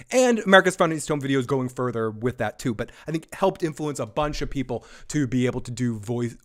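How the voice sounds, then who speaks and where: A man hosting a casual live stream after a drink, a little buzzed. He rambles, swears freely and pokes fun at himself, in a voice that sits a touch higher than most men's. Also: a bit bright. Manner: rambling, profane, self-mocking. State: tipsy.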